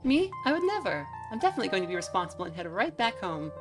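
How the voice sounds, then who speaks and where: A woman voicing an eager, excitable young woman who makes videos, over a clear music bed. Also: medium pitch, racing, voice pushed up, natural voice.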